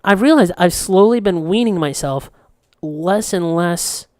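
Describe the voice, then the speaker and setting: A man's voice: high voice, a little slow, no echo, studio quality. A young man co-hosting a podcast, telling rambling stories in casual chat, swearing freely and laughing often. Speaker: podcast co-host.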